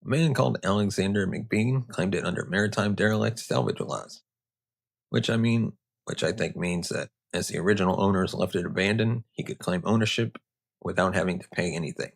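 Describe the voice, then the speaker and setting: A man's voice: low voice, a little fast, creaky. A man hosting a history show, narrating with joking, conversational asides. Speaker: host.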